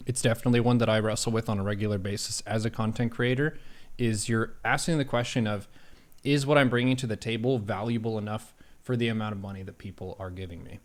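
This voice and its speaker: A man's voice: fairly low pitch, steady tone, fast. A man hosting a casual live-stream discussion, playful and teasing, laughing often. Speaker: show host.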